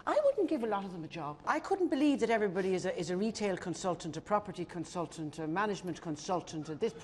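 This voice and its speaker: Fast forthright Irish woman. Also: lowish voice, animated, a little mellow, a little hiss or hum. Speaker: panel guest.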